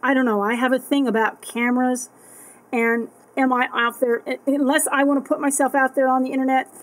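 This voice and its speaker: Chatty high-voiced woman rambling to camera. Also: fairly even intonation, fairly quick, low-quality recording. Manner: chatty, rambling, many fillers and restarts. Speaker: vlogger. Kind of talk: casual rambling monologue to camera. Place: indoors at home at night. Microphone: camera that tracks her.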